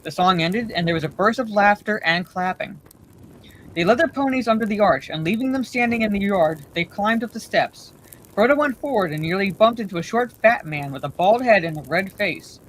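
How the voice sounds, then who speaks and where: A woman reads a bedtime story aloud, calm and steady from line to line. Her voice sits at a middle pitch, with a faint hiss beneath it. The reading is even and unhurried. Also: rough recording.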